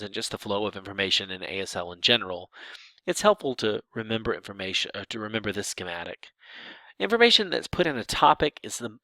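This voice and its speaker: Male instructor, low-pitched with a bright edge, animated and emphatic delivery. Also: dry recording. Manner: lively, emphatic, with frequent restarts. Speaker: ASL linguistics instructor. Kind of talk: explanatory lecture.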